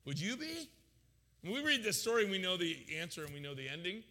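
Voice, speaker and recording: A male pastor preaching a sermon in an animated, casual, joking way in a church hall. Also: high voice, brisk. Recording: long hall reverb.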